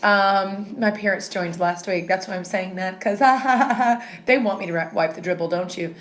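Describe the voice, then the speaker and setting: A middle-aged woman co-hosting a morning devotional, chatting playfully and reading scripture slowly. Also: mid-range voice. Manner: playful, self-described cheeky, reads scripture slowly. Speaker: devotional co-host. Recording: echoey room.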